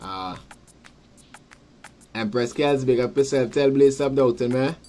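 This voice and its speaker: A man with a Trinidadian accent hosting a live sports podcast, rambling casually, repeating words and giving shout-outs to listeners. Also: medium pitch, measured pace. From Trinidad and Tobago. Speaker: podcast host.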